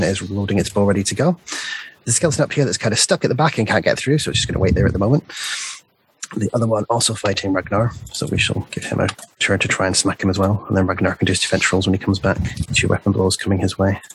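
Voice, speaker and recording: A man's voice: on the low side, slight background noise. A man acting as game master, steadily explaining each combat turn and chuckling often. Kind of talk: narrating a tabletop game.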